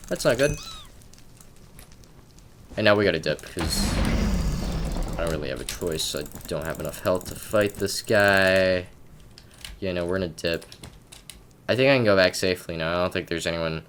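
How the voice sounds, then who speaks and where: A man's voice: deep voice, lively intonation, moderate pace, long pauses, a bit bright, a little hiss or hum. A man from Canada giving casual gameplay commentary at his computer, rambling and stammering with lots of repeated words and self-mocking asides. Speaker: gaming commentator.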